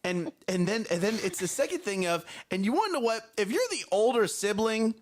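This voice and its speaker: A man co-hosting a morning show, chatting casually and telling lively stories about his young daughters, acting out their voices. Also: sits high, a little fast. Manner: animated storyteller, playful voices for his kids. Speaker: co-host.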